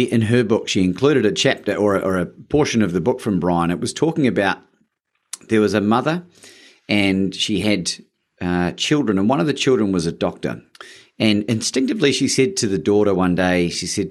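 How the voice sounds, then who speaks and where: A man's voice: lowish voice, lively intonation, normal speed. A man hosting an interview, enthusiastic and encouraging, with some hesitations. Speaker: podcast host. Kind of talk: interview conversation.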